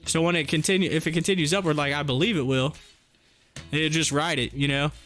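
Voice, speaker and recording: A man with a notably high voice talks loosely on a live stream, spinning long rambling stories packed with fillers and quick laughs. Faint music sits quietly behind him. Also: fairly even intonation. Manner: rambling, chatty storytelling with frequent fillers and laughs. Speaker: day-trading live stream host. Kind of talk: casual live-stream chat.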